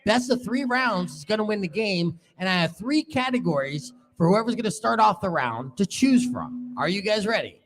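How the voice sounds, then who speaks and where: Lively, playful male game host. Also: high-pitched, background noise. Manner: playful, teasing, quick announcer delivery. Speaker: radio host running a live game. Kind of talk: live event game hosting. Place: bar or taproom, live event.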